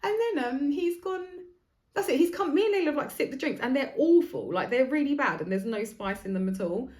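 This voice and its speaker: A woman's voice: high voice, animated, a little fast, darkish tone. A woman, hosting a podcast and telling stories in a chatty way that is full of swearing. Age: 40s. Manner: chatty, swears freely, acts out other people's lines. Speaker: podcast host. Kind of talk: casual storytelling monologue.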